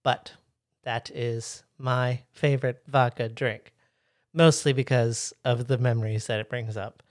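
A man's voice: mid-range voice, fairly even intonation, unhurried, dry recording, clean studio sound. A man co-hosting a podcast, telling a story in an easygoing, rambling way with many fillers. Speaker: podcast co-host. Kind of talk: casual podcast chat.

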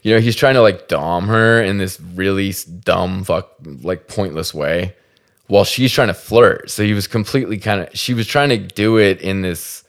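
Deep-voiced man ranting on a podcast. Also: moderate pace. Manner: profane, exasperated storytelling with acted quotes. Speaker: podcast host. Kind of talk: rambling comedic monologue.

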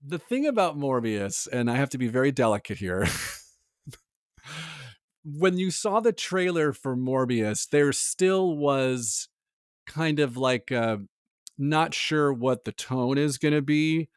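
Animated man in a dry-sounding podcast chat. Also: medium pitch, slow, smooth, no room sound. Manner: animated, laughs often, lots of fillers. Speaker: podcast co-host. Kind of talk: casual pop-culture chat.

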